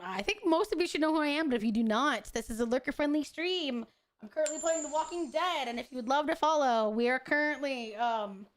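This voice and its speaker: A young woman streams a game from her home mic, her voice sitting fairly high. She swears freely and sounds exasperated with the game, yet greets her chat warmly. The talk is loose and casual. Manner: profane, exasperated, laughs often, greets chat affectionately. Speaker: VTuber streamer.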